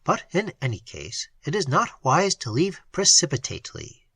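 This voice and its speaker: A narrator doing a calm, authoritative male doctor. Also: medium pitch, husky, no room sound, full character voice. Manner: quiet, measured, decisive.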